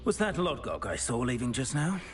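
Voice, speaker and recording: A man voicing a menacing older dark wizard in a game, speaking in a smooth, contemptuous, taunting way. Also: mid-range voice, big pitch swings, a little fast, lightly acted. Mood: sneering. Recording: game audio with music behind.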